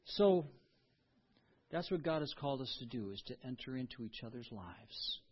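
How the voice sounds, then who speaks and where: A man preaching a sermon as pastor, earnest, dropping to quiet lows and then rising with emphasis. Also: expressive, moderate pace, slightly rough. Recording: dull lo-fi sound.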